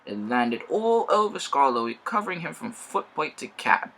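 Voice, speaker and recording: A man narrating a children's train story in a lively storyteller's manner. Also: a little high, normal speed, gravelly.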